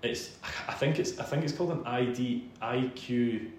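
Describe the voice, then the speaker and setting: A man's voice: medium pitch, moderate pace. Chatty Scottish man in a roomy space. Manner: chatty, self-deprecating, laughs while telling the story. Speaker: podcast host interviewed as guest. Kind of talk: casual storytelling in a podcast interview. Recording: roomy room sound with faint background hum.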